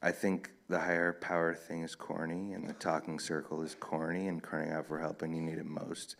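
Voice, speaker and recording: A man reading aloud, voicing a skeptical teenage boy who talks bluntly and questions everything. The voice is deep and gravelly. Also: monotone, moderate pace, a bit bright, exaggerated voice.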